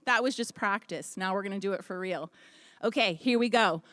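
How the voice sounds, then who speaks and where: A woman's voice: fairly high pitch, animated, normal speed, pushed and bright, no room sound. A woman leading a group exercise class from a stage, upbeat and coaching as she counts out the moves into a handheld mic. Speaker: boxing fitness instructor. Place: expo hall stage, behind a podium. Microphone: handheld microphone.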